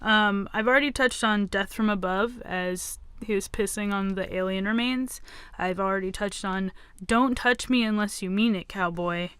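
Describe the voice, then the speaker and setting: Woman podcast co-host, casual movie chat, giggly and rambling, smooth voice, close and dry. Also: medium pitch, normal speed, a bit bright, dry recording. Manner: giggly, rambling, lots of likes.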